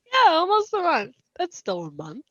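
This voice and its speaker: A woman's voice: very high-pitched, wildly swooping pitch, moderate pace, pushed and bright, no room sound, highs cut off. A woman hosting a podcast in casual chat, giggly and rambling. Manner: giggly, rambling, many fillers. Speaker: podcast host.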